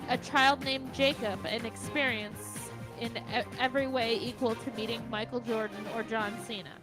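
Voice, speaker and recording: A woman's voice: on the high side, rough recording. A woman co-hosting a talk radio show, reading a news story aloud and stumbling and restarting as she reads.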